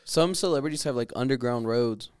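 A man's voice: medium pitch, fairly quick, clean tone. A young man co-hosting a podcast in casual chat, swearing and arguing while he laughs with his friend. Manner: swears a lot, laughs, argues. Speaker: podcast co-host.

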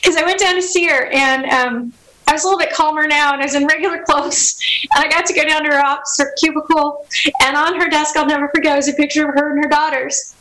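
High-voiced woman telling her story. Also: steady tone, sharp tone, rough recording. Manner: halting and emotional, with frequent restarts; acts out remembered dialogue. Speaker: speaker sharing her recovery story. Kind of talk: personal testimony talk.

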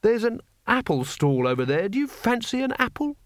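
A man voicing a prim, fussy male schoolteacher who speaks in a precise, deliberate way. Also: extremely high pitch, big pitch swings, no room sound, clean studio sound, pitched above the performer's own voice. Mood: coaxing.

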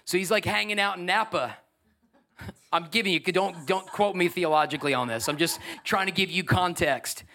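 A middle-aged man preaching from the pulpit, his voice sitting on the high side for a man. He moves between loud, lively exhortation and quiet, dropped asides, cracking jokes and calling out to the congregation. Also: normal speed. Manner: animated, jokey preaching with audience asides. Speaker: pastor. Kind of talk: sermon.

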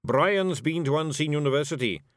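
In a storybook reading, a man voices a pompous male dwarf who runs a magic shop, blustering and indignant in a raised tone higher and louder than his own narrating voice. The delivery is animated, measured and lightly acted, with close, dry sound and no room noise.

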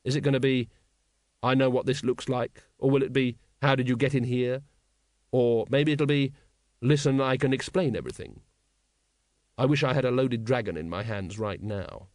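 A weary, sardonic watch captain, as a male reader voices him, in a middle pitch close to the reader's own. He speaks dryly and mockingly. The room is dead and close. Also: fairly even intonation, normal speed, no echo, lightly acted.

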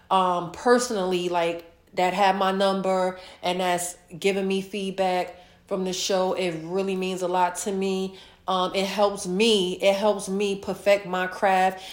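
A woman hosting her own podcast, chatting casually and warmly about her week, stuffed up from a sinus infection. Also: mid-range voice, echoey room. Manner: chatty, repetitive, heartfelt. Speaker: podcast host. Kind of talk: casual solo podcast chat.

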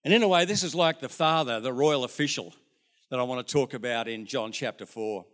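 Preaching in a church, this older man speaks with an Australian accent in a mid-range, somewhat bright voice at a fairly quick clip. As pastor, he fills his sermon with homespun tales and side remarks aimed at the congregation.

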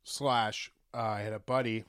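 A man's voice: on the low side, steady tone, moderate pace, a bit bright, no echo, studio quality. A young man from Canada co-hosting a podcast, laid-back and rambling, swearing often in casual banter. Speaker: podcast co-host.

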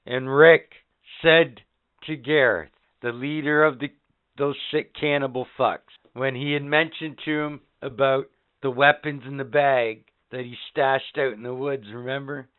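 A man hosting a casual podcast, counting down favorite moments with excited, profane storytelling. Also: mid-range voice, a little slow, clear, resonant tone. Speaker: podcast host. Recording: phone-like narrow band.

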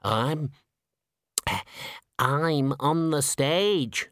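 Henry Slug, a squeaky shy opera singer, as a man puts him on. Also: extremely slow, a bit bright, no room sound, studio quality. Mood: nervous, shy. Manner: nervous, stammering.

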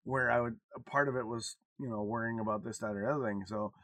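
A man's voice: mid-range voice, steady tone, fast, a bit bright, no echo. A man in his forties co-hosting a podcast in casual chat, talking frankly and confessionally and swearing freely. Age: 40s. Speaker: podcast co-host.

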